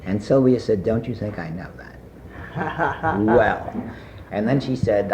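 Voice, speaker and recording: An older man being interviewed, telling a long personal anecdote in a rambling way with many pauses and fillers. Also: on the low side, background noise. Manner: rambling anecdotal, frequent "uh" and asides. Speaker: interviewee recalling his past. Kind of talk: oral history storytelling. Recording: muffled archival tape.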